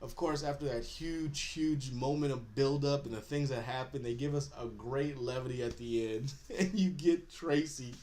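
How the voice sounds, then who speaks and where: A man's voice: medium pitch, moderate pace, hardly any pauses, a little mellow, slight background noise. A man hosting a podcast, recapping a TV episode in casual talk, laughing often and acting out the characters' lines. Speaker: podcast host.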